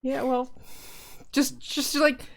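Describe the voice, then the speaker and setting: A woman's voice: sits high, flat delivery, slow pace. A woman playing a tabletop game, speaking in character in a playful, laughing way. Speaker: player. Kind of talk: casual play, in character.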